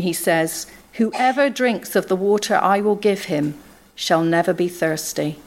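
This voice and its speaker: A woman giving a devotional talk at a conference, slowing and lifting her voice as she reads scripture. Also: on the low side. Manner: slows and lifts her voice for scripture. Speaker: conference speaker.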